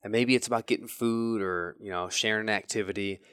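A man's voice: on the low side, steady tone, a little fast, fairly bright tone, clear, resonant tone, no room sound. A man hosting a podcast who talks in an earnest, coaching way, speaking straight to his listeners. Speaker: podcast host. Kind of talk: motivational podcast talk.

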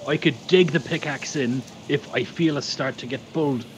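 Man, fairly high voice, dry jokes, faint noise behind. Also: moderate pace. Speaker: player. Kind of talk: casual tabletop play.

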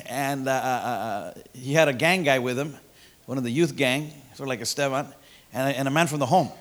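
A man preaching a sermon in a folksy, emphatic way, often stumbling over fillers and repeated words, then building up to loud declarations. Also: mid-range voice, moderate pace.

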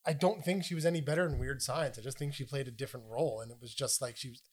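A man's voice: medium pitch, quick pace, husky. A man co-hosting a casual movie review chat, wry and amused, sometimes reading from his notes. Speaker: podcast co-host.

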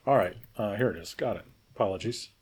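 A man's voice: fairly low pitch, fast, darkish tone, breathy edge. A man co-hosting a casual podcast, hesitant with lots of fillers. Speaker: podcast co-host. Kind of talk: casual chat.

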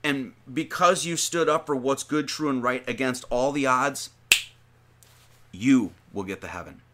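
Bright-voiced man preaching casually. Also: medium pitch, a little slow, a little hiss or hum. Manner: conversational, with many restarts and emphatic lists. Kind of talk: informal sermon reading and commenting on scripture.

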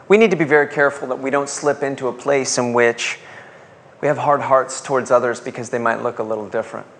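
A man's voice: medium pitch, steady tone, fairly quick, a little hiss or hum. A male pastor preaching a sermon, asking rhetorical questions and calling on the congregation to respond.

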